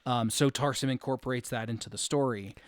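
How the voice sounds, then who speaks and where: A man co-hosting a podcast in casual chat, retelling scenes in a relaxed way. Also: mid-range voice, brisk, no room sound. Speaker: podcast co-host.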